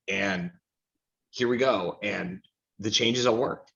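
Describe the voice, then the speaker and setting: A man's voice: lowish voice, a little slow, vocal fry, a bit bright, lo-fi sound. A man co-hosting a soccer talk show, giving frank, opinionated takes in a rambling casual way. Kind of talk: casual sports chat.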